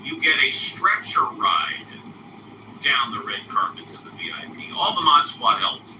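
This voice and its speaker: A man hosting a live audio chat room, moderating callers with animated, drawn-out calls and repeated phrases. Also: medium pitch. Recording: echoey, distant, noisy room pickup.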